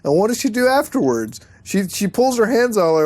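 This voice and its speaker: A man hosting an online video, giving excitable, profane commentary while browsing websites and laughing often. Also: high voice, brisk.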